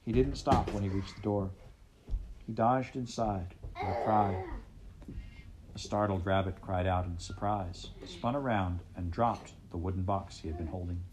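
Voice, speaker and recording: A man narrating a storybook with a steady, expressive reading. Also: deep voice, normal speed, background noise. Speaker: audiobook reader.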